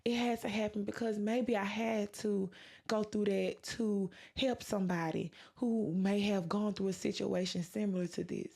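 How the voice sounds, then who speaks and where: A woman's voice: mid-range voice, fairly even intonation, moderate pace, creaky, darkish tone. A woman hosting a podcast, sharing a personal faith testimony in an earnest, emotional way and acting out her own past words. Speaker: podcast host.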